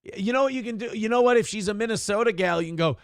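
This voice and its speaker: A man's voice: high voice, very fast, smooth, no echo, studio quality. A man hosting a live internet morning show, reading viewer comments aloud in a crude, joking, mock-announcer way.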